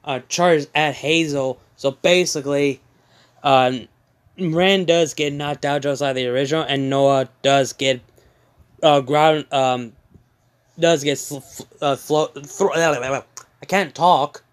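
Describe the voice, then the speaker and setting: A man casually retelling a fan story, halting with many fillers and restarts. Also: fairly high pitch, fairly even intonation, smooth.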